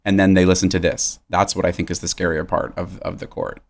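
Fast-talking, low-voiced heated man. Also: flat delivery, gravelly. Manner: rapid, heated, swears, stumbles over restarts. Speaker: podcast co-host. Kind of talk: casual podcast chat.

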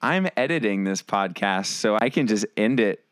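A man's voice: fairly low pitch, lively intonation, moderate pace, dry recording. A man co-hosting a podcast, bantering playfully and arguing his point, often restarting his sentences. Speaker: podcast co-host and editor.

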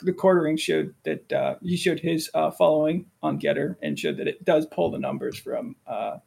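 A man calling in to a show, halting and full of fillers. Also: on the high side, expressive, creaky, darkish tone, husky. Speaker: caller. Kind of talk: casual call-in chat.

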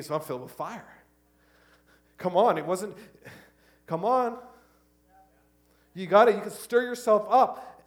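A middle-aged man preaching a sermon, switching between loud exhortation and quiet, hushed asides. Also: sits high. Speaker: pastor.

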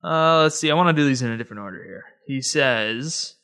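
Smooth-voiced male podcast host. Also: mid-range voice, fairly quick, bright, forceful tone. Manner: chatty and easygoing, thanking listeners. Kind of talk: casual solo podcast monologue.

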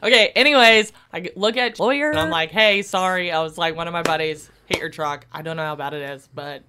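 A woman telling a story in casual chat with friends, animated and full of "like"s as she acts out what people said. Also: fairly low pitch, a little fast, noisy background. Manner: animated, laughing, acts out quotes, many "like"s.

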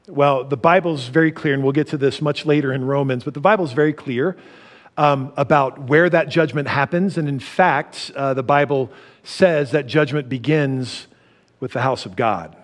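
A middle-aged man preaching a sermon, animated, laughing often and swinging from loud to soft. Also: medium pitch, moderate pace. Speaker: pastor.

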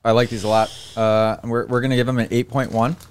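A man co-hosting a casual podcast, rambling through stories in a fairly flat delivery. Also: mid-range voice, quick pace, smooth. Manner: rambling, self-described monotone. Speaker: co-host.

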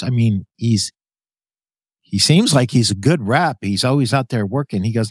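A man hosting a podcast interview, chatting casually in an animated, jokey way and telling his own stories. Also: mid-range voice, unhurried, husky, no room sound. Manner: animated, jokey, laughs often, calls guest "brother". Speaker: podcast host.

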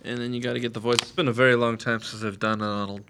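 A man's voice: mid-range voice, flat delivery, very fast, pushed and bright, smooth. A man co-hosting a podcast, chatting in a jokey, reassuring way. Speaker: podcast co-host. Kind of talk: casual chat.

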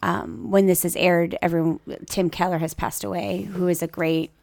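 Woman, from Maine, low voice, earnest and reflective, dry sound. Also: flat delivery, moderate pace, gravelly, a little mellow, dry recording. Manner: earnest, reflective, with some hesitation. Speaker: podcast co-host. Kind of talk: casual chat.

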